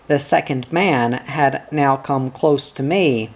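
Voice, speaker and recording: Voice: medium pitch, slow, hardly any pauses. An audiobook reader narrating a first-person spy story, voicing the characters too.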